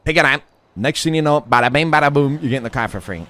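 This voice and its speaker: A man's voice: fairly high pitch, fast talker, pushed and bright. A man in casual in-character game chat, teasing and repeating himself with mob-boss swagger. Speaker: role-play player as Tony.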